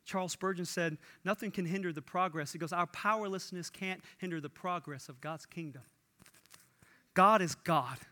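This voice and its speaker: A man preaching a sermon in an animated way, acting out the lines he quotes. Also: high-pitched. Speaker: pastor.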